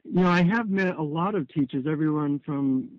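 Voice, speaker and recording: A man answers interview questions in a relaxed, halting way, with plenty of fillers. The sound is dull and lo-fi, like a radio broadcast. The room is dry. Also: a little high, dry recording. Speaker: author guest.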